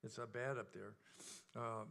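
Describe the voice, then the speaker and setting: A man's voice: mid-range voice, steady tone, measured pace, creaky, a bit bright. A man hosting a casual show, rambling and joking with plenty of fillers. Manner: rambling, jokey, many fillers. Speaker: show host and band member. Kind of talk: casual banter.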